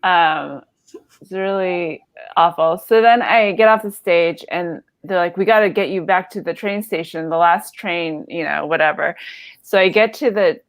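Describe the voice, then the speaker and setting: A woman's voice: fairly low pitch, unhurried. Rambling self-deprecating woman comedian. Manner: rambling, self-deprecating, lots of fillers and laughs. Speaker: comedian telling a story. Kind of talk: casual comedic storytelling.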